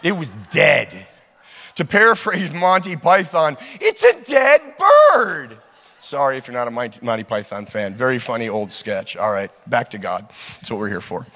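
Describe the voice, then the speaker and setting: A man preaching a sermon, telling a personal story in an animated way that swings between loud and hushed. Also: medium pitch. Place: church hall. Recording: long hall reverb.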